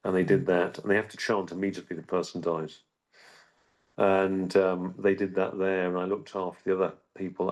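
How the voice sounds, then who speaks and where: Low-voiced man telling a halting story. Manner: halting, with frequent restarts and repeated words. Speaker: interview guest. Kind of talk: recounting a personal story.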